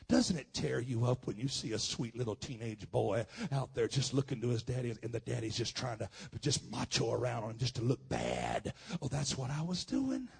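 A male preacher delivers a testimony from the pulpit with a gravelly, rough-edged voice. His tone is husky and worn. He swings between hushed, confiding stretches and loud, impassioned pushes. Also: mid-range voice, sing-song, moderate pace, few pauses. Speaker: pastor. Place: conference hall.

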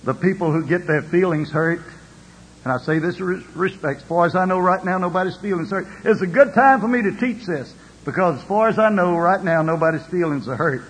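A man's voice: high-pitched, brisk, breathy edge, big-room sound, low-quality recording. An older man, a pastor, preaching a sermon with a rising and falling delivery and calls of "Amen.".

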